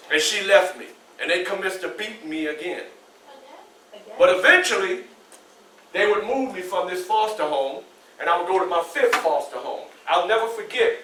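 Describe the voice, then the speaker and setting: A man's voice: high-pitched, sharp tone, a little hiss or hum. A man in his sixties, a guest speaker telling a class a personal story with vivid, repetitive phrasing and questions to the room. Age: 60s. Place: school classroom indoors. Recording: echoey classroom, distant mic.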